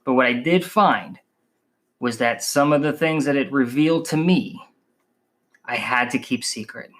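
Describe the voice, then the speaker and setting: A man from the northern United States hosting a podcast, telling the story in an animated, emphatic way. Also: mid-range voice, a little slow. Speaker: podcast host. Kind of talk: podcast narration.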